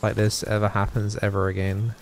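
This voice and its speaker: A man's voice: fairly low pitch, flat delivery, fairly quick, slight background noise. A man giving chatty, playful let's-play commentary with mock-solemn asides. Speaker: gaming YouTuber.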